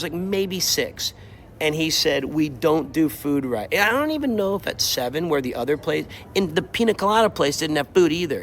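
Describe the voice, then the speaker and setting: A young man casually telling a travel story while walking outside, animated and exasperated, acting out quotes. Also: fairly high pitch, a little hiss or hum. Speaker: streamer. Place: outdoors, walking. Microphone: mobile mic while walking.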